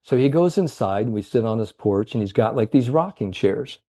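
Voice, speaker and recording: A man's voice: mid-range voice, animated, moderate pace, warm tone. A man telling a motivational story as a guest coach, earnest and rallying, with many fillers. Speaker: confidence and mindset coach, guest.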